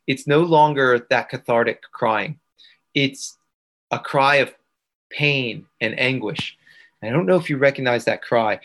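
On a podcast, a guest who works as an integration coach shares a personal story with real earnestness, repeating phrases to drive his point home. His voice is medium in pitch and slightly bright.

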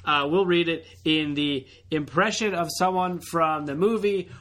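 A man's voice: fairly high pitch, unhurried, fairly bright tone. A man co-hosting a casual movie podcast, talking in a rambling way with many fillers and frequent laughter. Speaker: podcast co-host.

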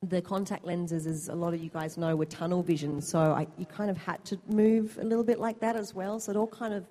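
Woman panel guest, chatty, lots of laughs, lowish voice, long hall reverb. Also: fairly quick. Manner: chatty, laughs often, animated storytelling. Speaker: convention panel guest actor. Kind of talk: convention panel Q&A answers.

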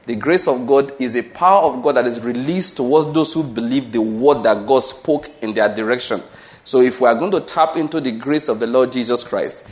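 A man's voice: medium pitch, darkish tone. Emphatic male preacher. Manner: emphatic, repeats key words, asks the listeners questions. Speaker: pastor. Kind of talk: sermon.

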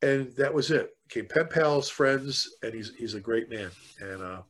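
A man from the fire service talking casually on a podcast, telling stories with animated energy. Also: mid-range voice, moderate pace, slightly rough. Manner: animated storyteller, excited when retelling.

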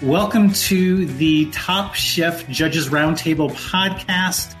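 Guy cohosting a podcast, kinda high voice, lots of uhs and restarts. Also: slow pace, faint music behind. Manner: relaxed, hesitant with fillers and restarts. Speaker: podcast co-host. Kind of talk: casual podcast chat.

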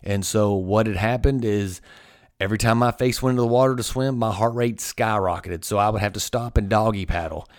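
Man, motivational podcast host, personal storytelling, earnest and emphatic, lowish voice, dry close sound. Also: fairly quick, no room sound.

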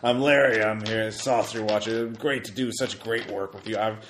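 A man's voice: on the low side, fairly even intonation, moderate pace, fairly bright tone, slight background noise, lightly acted. A man voicing an eager, rambling male UFO investigator in a tabletop game. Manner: gushing, rambling. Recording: echoey room.

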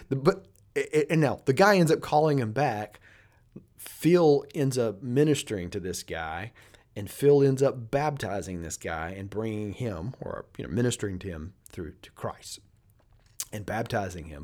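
A man's voice: medium pitch, darkish tone. A middle-aged man hosting a business podcast, talking casually and telling stories with frequent restarts. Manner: conversational, storytelling, frequent restarts. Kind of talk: casual monologue.

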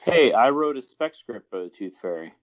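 A man's voice: mid-range voice, big pitch swings, moderate pace, no echo. Dry-humored man on a dull line. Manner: dry, teasing. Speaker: podcast co-host. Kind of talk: casual chat.

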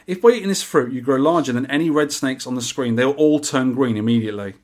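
A man's voice: mid-range voice, quick pace. A man chats on his podcast, his voice sitting in the middle of the range. He explains game rules in an easygoing, lightly joking way, as if talking to a friend across the table. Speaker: podcast host. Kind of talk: casual podcast chat.

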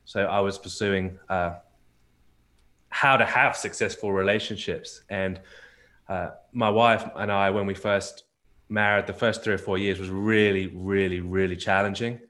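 A man's voice: low-pitched, steady tone, a little slow, fairly bright tone. A man, a podcast guest and marriage coach, telling a candid personal story in a frank way, often repeating and restarting words.

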